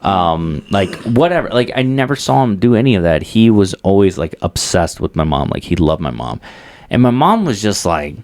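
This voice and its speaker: Man, 20s, podcast co-host, casual chat, animated, swears, lowish voice, swooping pitch. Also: normal speed. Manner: animated, profane storytelling.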